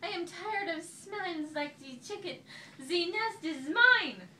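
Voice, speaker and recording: A woman voicing an indignant duck in a storybook, with high, huffy cries. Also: lively intonation, very slow, sharp tone, a little hiss or hum, exaggerated voice. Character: huffy duck exclaiming in French. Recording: echoey room, far from the mic.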